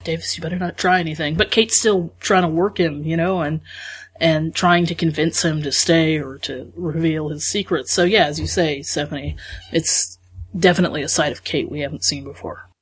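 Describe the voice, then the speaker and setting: Low-pitched and husky, this podcast co-host speaks at a normal speed during a casual chat. She's enthusiastic and animated in her retelling, voicing her own reactions as quotes.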